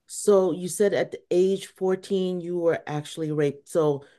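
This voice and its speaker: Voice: mid-range voice, steady tone, measured pace, dark tone. Encouraging interview host. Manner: encouraging, frequent "mm-hmm" backchannels. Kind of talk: interview questioning.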